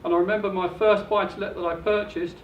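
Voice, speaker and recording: A man's voice: high voice, level tone, fast, noisy background. An older man giving an upbeat, salesy property seminar presentation, recorded from a distance in a hotel function room. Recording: echoey dull room recording from afar.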